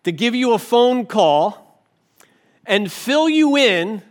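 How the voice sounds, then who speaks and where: A man's voice: extremely high pitch, big pitch swings, slow. A male pastor preaching a sermon in a church, in a conversational way, engaging the congregation with questions.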